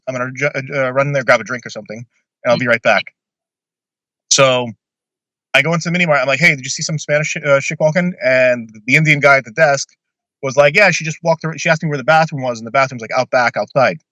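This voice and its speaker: A man's voice: mid-range voice, fast talker, pushed and bright, no room sound. A man casually telling a long personal story on a podcast, blunt and swearing freely.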